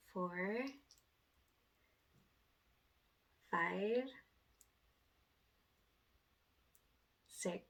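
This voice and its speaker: A woman leading a guided spiritual workshop, chatty and casual, filling her talk with "like" and "okay", dropping to a soft hush for meditation. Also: medium pitch, gravelly. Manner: chatty, says "like" and "okay" often; soft, hushed when guiding meditation.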